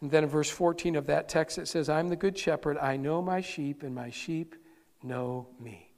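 A man's voice: fairly high pitch, normal speed, creaky. A man preaching a sermon as pastor, earnest and conversational, talking straight to his congregation. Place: church sanctuary. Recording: long reverb of a large hall.

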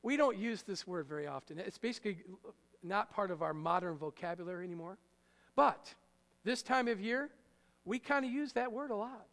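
A man preaching a sermon in a conversational way, joking with the congregation and hitting words with sudden loud emphasis. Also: high voice, creaky. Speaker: pastor. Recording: long hall reverb.

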